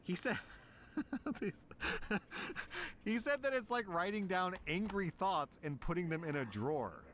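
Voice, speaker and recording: A man streamer reading a story aloud and reacting, amused and animated. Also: sits high, a little slow. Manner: amused, breaks into laughter.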